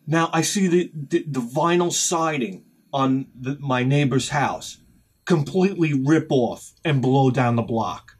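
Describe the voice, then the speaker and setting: A middle-aged man telling a rambling, profane story as a video host, sometimes shouting as he acts out his panic. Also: medium pitch, unhurried, breathy edge. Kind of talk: casual storytelling vlog.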